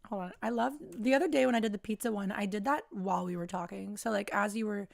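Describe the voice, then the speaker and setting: A woman's voice: mid-range voice, steady tone, fast, gravelly, no room sound. A woman hosting a casual livestream, chatting in a rambling way and often trailing off mid-thought. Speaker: livestream host.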